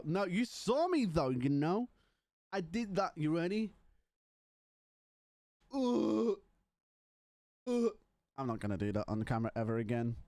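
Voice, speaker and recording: A young man talks casually to his live-stream chat, rambling from joke to joke and swearing now and then. His voice sits a little high. The sound is dry and close to the mic. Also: darkish tone, no room sound.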